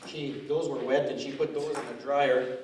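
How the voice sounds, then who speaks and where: A man's voice: mid-range voice, fairly even intonation, moderate pace, crowd noise. A man doing stand-up comedy in a school hall, rambling and self-mocking, often laughing at his own jokes. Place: school hall with a live audience. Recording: roomy hall audio from a distance.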